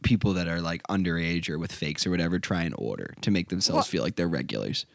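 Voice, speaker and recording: A man's voice: sits low, fast talker, creaky, no room sound, clean studio sound. A man hosting a casual chat, asking hesitant questions full of fillers.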